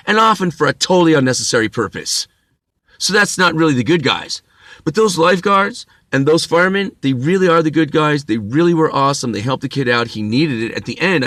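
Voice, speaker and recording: A middle-aged man rants about his own troubles in a sharp, bright voice. He swears freely and stumbles into restarts as the anger builds. The sound is dry and close, with no room around it. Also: on the high side, dry recording. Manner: intense, bitter, swears freely, stammers on restarts. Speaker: vlogger. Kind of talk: ranting personal monologue.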